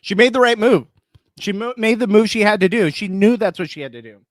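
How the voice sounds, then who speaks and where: A man's voice: high voice, expressive, fairly quick, dry recording. A man casually chatting on a live reaction stream, greeting viewers, laughing often, close to the mic. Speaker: reality show reaction host.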